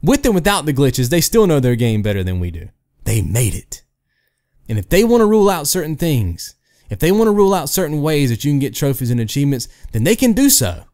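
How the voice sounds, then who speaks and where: A man's voice: a little high, fairly quick. A man hosting a gaming channel, ranting to camera in a casual way, telling hypothetical stories and often asking "right?". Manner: animated, rhetorical, keeps asking "right?"; storytelling with hypotheticals. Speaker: gaming video host.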